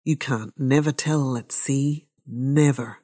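A woman's voice: very deep voice, fairly even intonation, takes it slowly, dark tone, full character voice. A woman voicing a drunk old man who gives solemn, doom-laden warnings in a slurred way. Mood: plaintive.

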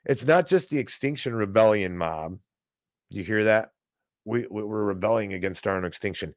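A man's voice: on the low side, moderate pace, dry recording, poor audio. A man hosting a livestream, ranting sarcastically about the news and mocking the people he disagrees with. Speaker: online show host. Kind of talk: livestream commentary.

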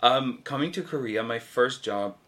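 A podcast host from South Africa talks in a relaxed, chatty way, his accent softened toward American. His voice sits at an ordinary middle pitch for a man, and he laughs easily. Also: moderate pace. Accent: American-tinged South African. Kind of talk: casual chat.

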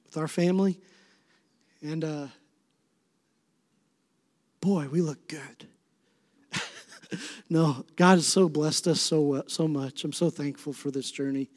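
A middle-aged man preaching a sermon as pastor, swinging between soft, tender passages and emphatic, rising appeals. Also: high-pitched. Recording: long reverb of a large hall.

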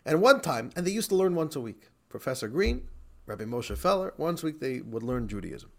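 A man's voice: mid-range voice, very animated, fairly quick, vocal fry, darkish tone. A man teaching a Torah class who tells a story with animation and acts out the quotes.

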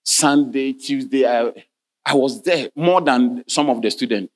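A church pastor delivers a sermon in a medium-pitched, somewhat slow male voice. He reads scripture in archaic King James phrasing, frequently interrupting himself with "Hallelujah" and with questions for the congregation.

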